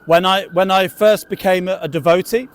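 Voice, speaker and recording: A man's voice: sits high, fairly even intonation, normal speed, a little hiss or hum. A man who is a monk, greeting passers-by on a city street with cheerful jokes and telling stories about outreach. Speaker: temple monk and street book distributor.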